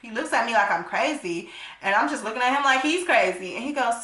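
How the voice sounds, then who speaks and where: A woman telling a storytime vlog, animated and emphatic, swearing freely and tagging her points with "okay?". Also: a little high, fast talker, echoey room. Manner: animated, emphatic, profane, tagging lines with 'okay?'.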